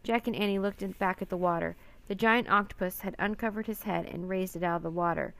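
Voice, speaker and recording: A woman reading a children's adventure book aloud in a steady, even storybook manner. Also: mid-range voice, quick pace, gravelly.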